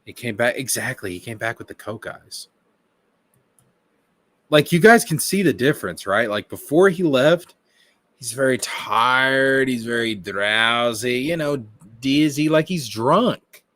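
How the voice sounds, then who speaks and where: A man with a mid-range voice talks through a stream clip in lively reaction commentary. His pitch swings up and down as he gets excited, and he swears and mocks freely. The recording is close and dry. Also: measured pace, no room sound. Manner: excitable, profane, mocking.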